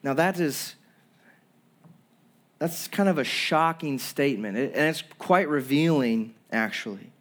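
A man's voice: on the high side, animated, a little slow, a bit bright. Earnest young male pastor preaching. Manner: earnest preaching with repeated restarts and acted-out quotes. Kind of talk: sermon.

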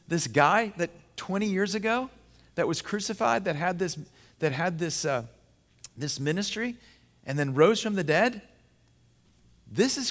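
A man preaching a sermon to a men's gathering, emphatic and repetitive, moving between loud, rising passages and hushed, intense ones. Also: sits high. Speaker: pastor. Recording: long hall reverb.

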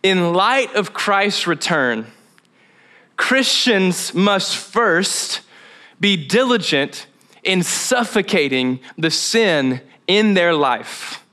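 Bright-voiced joking young pastor. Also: male voice, high voice. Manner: casual, joking storytelling with laughs and acted-out inner dialogue. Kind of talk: sermon. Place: church.

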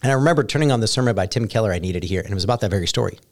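Casting note: male pastor, lower-pitched, rapid-fire talker, animated storyteller. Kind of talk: casual faith conversation.

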